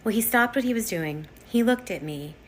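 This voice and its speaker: A woman's voice: a little high, lively intonation, moderate pace, slight background noise. A mother speaking directly to her viewers, chatting as she tells a story about her children. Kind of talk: casual storytelling to camera.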